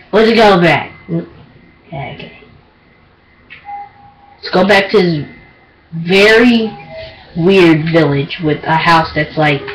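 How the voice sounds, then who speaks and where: A gaming video creator giving casual, excitable gameplay commentary, giggling and poking fun at themselves. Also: mid-range voice, slow pace, long pauses, a little hiss or hum, poor audio. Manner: excitable, giggly, self-mocking.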